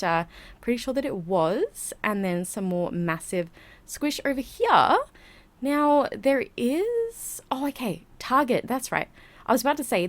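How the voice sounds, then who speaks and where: An Australian woman who hosts a vlog channel narrates a voiceover on a home mic, her voice medium-pitched and the recording dry. She's chatty, rambling and giggly, a little out of breath.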